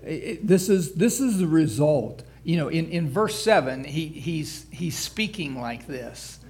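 Man pastor, slightly high voice, preaching slowly, building emphasis, clears his throat often. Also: expressive, a little mellow. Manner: preaching with rising emphasis on scripture, many restarts and throat clearing. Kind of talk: sermon.

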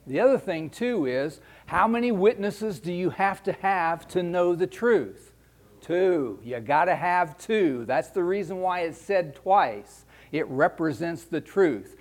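A middle-aged Bible teacher with a high-sitting, animated voice speaks slowly in a conversational sermon style. He often repeats words while searching for the right phrase.

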